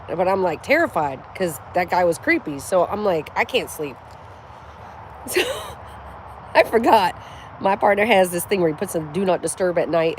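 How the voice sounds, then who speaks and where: A middle-aged American woman vlogger tells a story to camera in a loose, chatty way, laughing a lot and swearing as she goes. She's an animated storyteller whose pitch moves freely up and down, with faint outdoor noise hanging in the background.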